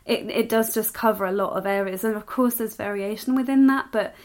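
A woman's voice: medium pitch, a little fast, a little mellow. A woman co-hosting a casual chat podcast with a mid-range voice. She talks in an easy, enthusiastic, conversational way. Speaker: podcast co-host.

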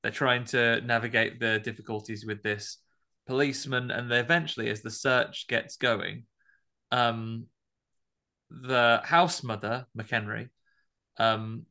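A man's voice: medium pitch, fairly even intonation, unhurried, sharp tone. A man co-hosting a podcast, recapping a film in a laid-back, casually sweary way. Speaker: podcast co-host.

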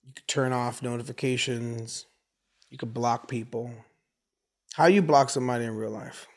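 A man in his forties from the United States, speaking at medium pitch and normal speed, is a guest in a laid-back interview. He tells his stories with animation, switching into the voices of people from around his neighborhood.

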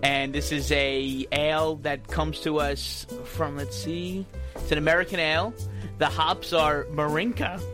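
Podcast co-host, male, inquisitive, slightly high voice, faint music behind. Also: fairly even intonation, a little slow. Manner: curious, asks questions, reads descriptions. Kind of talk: casual chat.

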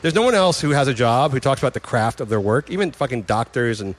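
Fast-talking opinionated man. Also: mid-range voice, lively intonation. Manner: fast, opinionated, laughs often. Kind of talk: casual chat.

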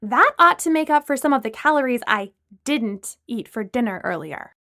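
A woman's voice: on the high side, animated, moderate pace, bright, forceful tone. A woman reading a story voices a scheming young hostess who talks with sweet, mischievous emphasis. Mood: sly cheer. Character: scheming, theatrical young woman hosting friends.

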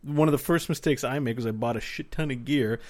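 A man's voice: mid-range voice, brisk, a little mellow. Male podcast co-host, casual gamer chat, rambling, swears freely.

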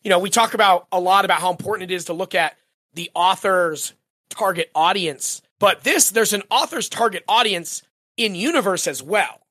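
A man co-hosting a podcast, talking in animated, rambling casual chat and laughing often. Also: high-pitched, moderate pace, dry recording, clean studio sound. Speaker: podcast co-host.

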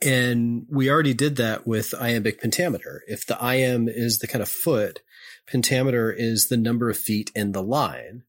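Throat-clearing man explaining, halting. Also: medium pitch. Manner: halting, frequent throat-clearing and self-corrections. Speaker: podcast host explaining poetry. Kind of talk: casual explanatory chat.

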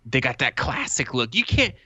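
A man co-hosting a podcast, telling a story in a casual, animated way and swearing freely. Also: medium pitch, moderate pace, breathy edge, dry recording. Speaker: podcast co-host. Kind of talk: casual chat. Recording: dull lo-fi sound.

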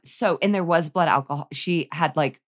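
A woman's voice: low-pitched, moderate pace. A woman co-hosting a casual TV recap chat. She is chatty and quotes her own reactions with dry jokes. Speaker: podcast co-host.

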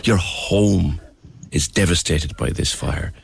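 Male phone-in host: deep gravel with a breathy edge, earnest delivery. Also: takes it slowly, no room sound. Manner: earnest, repeats words while speaking. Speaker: radio show host. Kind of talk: phone-in radio chat.

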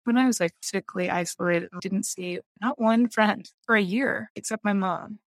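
A woman's voice: medium pitch, steady tone, moderate pace, creaky, dry recording. Woman, candid casual talk, laughs often, dry recording. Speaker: guest. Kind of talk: casual conversation.

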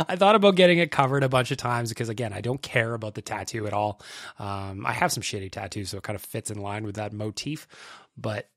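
Candid, swearing podcast host. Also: male voice, fairly low pitch, brisk, a bit bright, dry recording, studio quality. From Canada. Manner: candid, profane, confessional. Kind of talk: casual podcast chat.

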